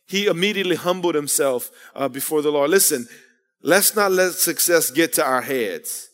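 A man's voice: fairly high pitch, animated, normal speed, a bit bright. A man preaching an earnest sermon as pastor, telling stories and calling out to the congregation. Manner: earnest preaching with storytelling and call-outs. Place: church sanctuary. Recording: long reverb of a church hall.

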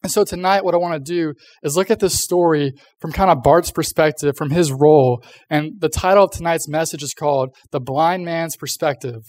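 A man's voice: a little high, normal speed, hardly any pauses, darkish tone, dry recording. A young man giving a casual youth sermon, chatty and full of fillers, often acting out little voices. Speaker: youth pastor.

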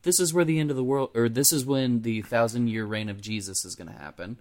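A man's voice: mid-range voice, fast. A man with a Kentucky accent, co-hosting a casual podcast chat and telling stories with lots of fillers and swearing. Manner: animated storytelling with frequent fillers and profanity. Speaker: podcast co-host.

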